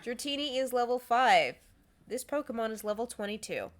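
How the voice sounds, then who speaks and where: Slightly high-voiced woman gm, brisk and blunt, teases her player. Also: lively intonation. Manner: brisk, blunt and teasing, with casual swearing. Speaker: game master. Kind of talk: narrating a tabletop game.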